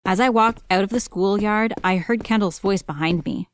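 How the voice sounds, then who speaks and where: A woman reading a first-person story aloud as a storyteller, in an expressive, dramatic way. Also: mid-range voice, normal speed, clear, resonant tone, no room sound, studio quality. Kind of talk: scripted first-person narration.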